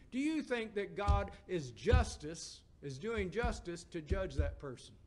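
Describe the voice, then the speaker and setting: High-voiced man preaching a sermon. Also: expressive, unhurried, hardly any pauses. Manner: emphatic, rising questions and dropping to a hushed low voice.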